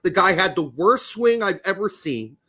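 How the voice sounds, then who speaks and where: A man's voice: sits high, moderate pace. A man in his fifties co-hosting a soccer podcast, joking crudely in casual chat. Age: 50s. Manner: animated, crude, jokey. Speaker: podcast co-host.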